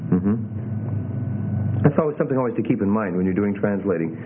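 A man teaching a classroom lesson on Greek grammar, relaxed and hesitant, with many fillers. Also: lowish voice, moderate pace. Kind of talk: classroom lecture. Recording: tinny lo-fi with faint hiss.

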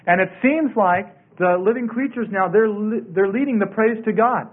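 A man's voice: sits high, moderate pace. A man teaching a Bible study in a sermon style, emphatic and repeating his key words. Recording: tinny phone-like radio broadcast.

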